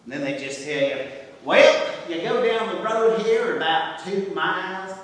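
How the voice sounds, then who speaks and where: A man plays a self-doubting writer who sighs and mocks himself in a dry, wry tone. His voice sits at a middle pitch and comes from far across a stage, with a long echo from the hall. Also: a little slow, a bit bright, close to an everyday voice. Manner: wry, sighing, self-deprecating. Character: self-doubting male writer, husband, ex-Army. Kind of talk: amateur stage comedy acting. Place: theatre stage.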